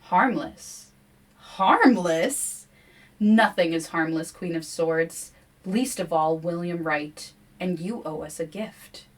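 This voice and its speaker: Casting: eerie hungry forest spirits in a storybook reading, slow and coaxing, voiced by a woman. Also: fairly low pitch. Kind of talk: reading a novel aloud.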